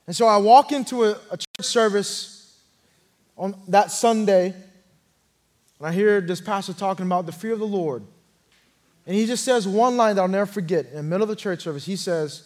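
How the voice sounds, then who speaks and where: A young man preaching an earnest sermon testimony, telling his story and swelling louder at key moments. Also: high-pitched, normal speed.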